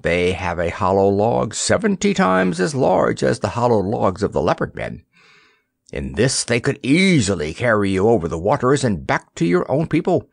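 A man's voice: mid-range voice, sing-song, moderate pace, gravelly, no room sound, clean studio sound. A man voicing a kindly, protective female hippopotamus who talks sharply and earnestly in an audiobook.

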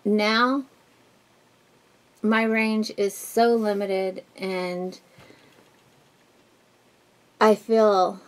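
A woman vlogger with a husky, smoky voice, chatting candidly at home while doing her makeup, rambling with many fillers and restarts. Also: mid-range voice, level tone, drawn-out words, pauses often. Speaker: beauty vlogger. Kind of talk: casual get-ready-with-me chat.

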